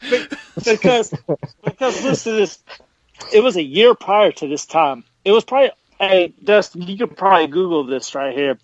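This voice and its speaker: A man hosting a podcast, telling stories in casual chat with animated bursts and laughs mid-sentence. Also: high voice, normal speed, dry recording. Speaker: podcast host. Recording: dull lo-fi dry sound.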